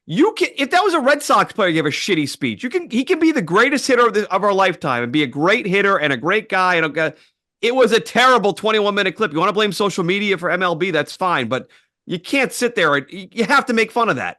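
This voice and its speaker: An excitable man talks sports on a podcast, his pitch leaping around as he gets fired up. His voice is bright and forceful, and he stumbles over restarts when he's on a roll. The sound is close and dry. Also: quick pace, no echo. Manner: animated, fired-up, repeats himself with restarts. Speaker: podcast co-host. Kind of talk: casual sports podcast chat.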